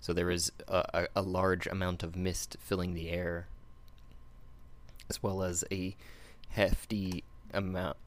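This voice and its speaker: A man's voice: deep voice, level tone, a little slow. A man running a tabletop game as game master, narrating a scene in a rambling way and correcting himself as he goes.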